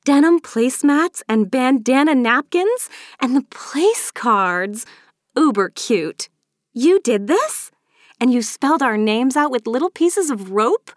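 A woman's voice: high-pitched, sing-song, moderate pace, few pauses, no room sound, studio quality, pitched above the performer's own voice. A woman voicing a chatty, dramatic young girl who gushes over everything in an audiobook. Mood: gushing. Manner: dramatic, gushing. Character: chatty dramatic girl, fussy about hair. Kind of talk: audiobook character reading.

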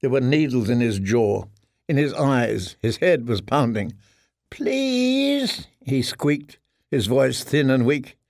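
A man reading a dark story aloud in a steady, measured narration. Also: medium pitch, gravelly, no room sound, clean studio sound. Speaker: audiobook narrator. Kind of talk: scripted narration.

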